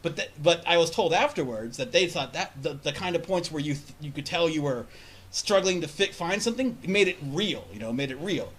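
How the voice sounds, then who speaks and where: A man's voice: a little high, animated, brisk, a bit bright, husky. A man on a casual podcast telling a long, rambling, profane story with many restarts. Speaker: podcast host.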